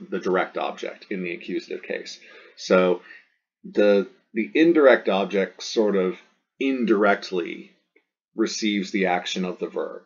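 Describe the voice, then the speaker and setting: A man with a very low, husky voice teaches a recorded Latin lesson. He explains patiently, step by step, and sometimes restarts a phrase. The audio is dull and lo-fi.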